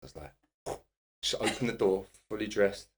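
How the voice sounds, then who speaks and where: A man's voice: lowish voice, normal speed, slight background noise. A man, a personal trainer and podcast guest, telling a casual anecdote with lots of swearing and laughter. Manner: animated, swearing, laughing storyteller.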